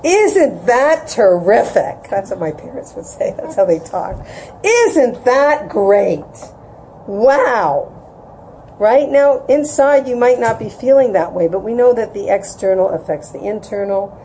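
A middle-aged woman teaches a Jewish women's class, giving an informal religious talk to an audience in a room. She's conversational, often asks "right?", and acts out quotes with a rising pitch, sounding animated and warm at normal speed with few pauses. The audio is poor, with slight background noise.

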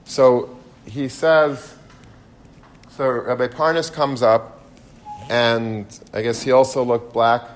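Man, lecturer, animated storytelling, religious terms mixed in, mid-pitched voice. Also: slow pace, long pauses, a little hiss or hum. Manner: animated, mixes in Hebrew and Yiddish terms.

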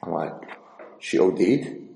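A man teaching a Torah lecture in an informal, animated way, acting out dialogue as he tells stories. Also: slow, echoey room, a little hiss or hum, rough recording. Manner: animated storyteller, acts out dialogue, frequent restarts. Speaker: rabbi and teacher.

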